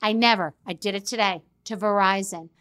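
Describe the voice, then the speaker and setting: A woman in her fifties telling an animated, profane story as a social media personality, acting out the quoted lines. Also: medium pitch, brisk. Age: 50s. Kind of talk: profane comedic rant to camera.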